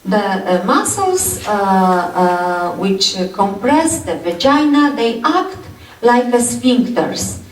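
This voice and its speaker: Woman, anatomy lecturer, slow with many fillers, roomy echo. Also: medium pitch, very animated. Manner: halting, many fillers and repeated "yes". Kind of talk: university lecture. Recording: echoey lecture hall, mic far off.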